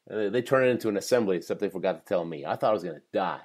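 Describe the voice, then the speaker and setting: A man's voice: deep voice, rapid-fire, a little mellow. A man in his fifties, a professional speaker, telling his life story in a podcast interview with energy and frequent laughter. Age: 50s.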